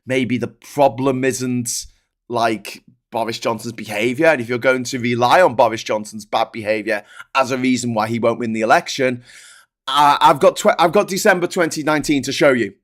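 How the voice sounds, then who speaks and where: A man's voice: medium pitch, moderate pace, fairly bright tone. A man hosting a political livestream, ranting in an exasperated, sweary way. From United Kingdom.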